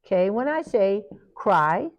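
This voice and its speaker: Trainer, middle-aged woman, animated lecture to a room, acts out quotes. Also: medium pitch, measured pace, lo-fi sound. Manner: animated, acts out parents and children in quoted voices. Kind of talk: training talk to a live group.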